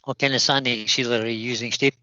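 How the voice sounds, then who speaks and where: A man co-hosts a craft livestream, joking and reading viewer comments in a bright, lively tone. The sound is dry and slightly muffled. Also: medium pitch, quick pace, no echo. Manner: jokey, reads viewer comments. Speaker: co-host. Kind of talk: livestream chat.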